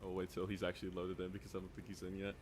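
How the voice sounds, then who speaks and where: Guy streaming games, low voice, rambly, swears a lot, slight hiss behind. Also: completely flat delivery, racing. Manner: rambling, swears often, restarts sentences. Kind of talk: casual live-stream chat while gaming.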